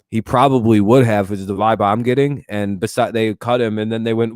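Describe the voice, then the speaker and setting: A man's voice: lowish voice, fairly even intonation, fast, few pauses, darkish tone, clear, resonant tone, dry recording, studio quality. A man hosting a casual live sports talk stream. He talks back to his chat and swears freely. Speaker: streamer host.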